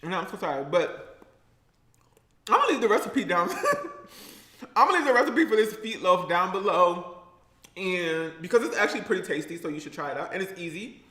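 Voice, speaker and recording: A man's voice: sits high, very animated, moderate pace, pauses often, sharp tone, echoey room. A man chatting playfully and sassily in a casual eating vlog. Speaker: vlogger.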